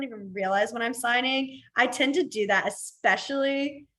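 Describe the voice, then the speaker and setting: A woman's voice: on the high side, normal speed, few pauses, fairly bright tone. A young woman teaching a casual class, chatty, with frequent laughs and fillers. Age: young adult. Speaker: sign language teacher.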